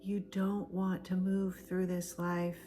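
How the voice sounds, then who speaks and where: Woman, spiritual card reader, low-ish voice, very slow and emphatic, drifts into near-whispers. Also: monotone, soft background music. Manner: slow, emphatic and repetitive, dropping into soft breathy near-whispers. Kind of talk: channeled collective oracle card reading.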